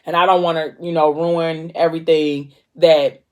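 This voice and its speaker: Low-pitched woman, chatty book-recap host who slips into the characters' lines. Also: level tone, moderate pace. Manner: chatty retelling with many fillers, briefly acting out characters' lines. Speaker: book vlogger recapping a novel.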